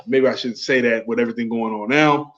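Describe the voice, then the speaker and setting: A man's voice: medium pitch, fairly even intonation, fairly quick, fairly bright tone. Slangy man with a dull, lo-fi sound. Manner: slangy and profane, says bro and homie. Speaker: podcast co-host. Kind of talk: casual sports chat.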